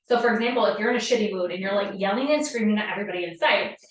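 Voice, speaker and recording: A woman's voice: mid-range voice, rapid-fire. A woman hosting a live spiritual coaching talk, chatty and profane, with many fillers. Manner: casual, profane, filler-heavy with frequent "like". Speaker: podcast host and manifestation coach. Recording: echoey room, distant from the mic.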